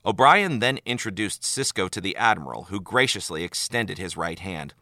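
A male narrator reading a story with lively, expressive delivery. His voice is lowish but bright, recorded close and dry. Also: moderate pace, dry recording. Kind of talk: audiobook narration of fan fiction.

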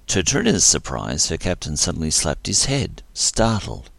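A man narrating a science-fiction story aloud in a steady, plain reading voice. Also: low voice, moderate pace, gravelly, hardly any pauses, no room sound.

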